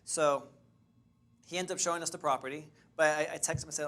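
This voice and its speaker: A man in a training session, telling animated stories about finding property to a class. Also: fairly high pitch, fast talker. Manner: animated, chatty, restarts and laughs. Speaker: real estate investing trainer. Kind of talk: lively storytelling to a class.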